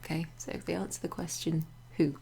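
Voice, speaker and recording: A woman explains French pronouns in a loose, chatty way, pausing with fillers and wandering into asides. Her voice is low, dark and mellow, with a gravelly, husky edge. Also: fairly even intonation. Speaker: French teacher. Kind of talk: casual explanatory lesson. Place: home near a greenhouse.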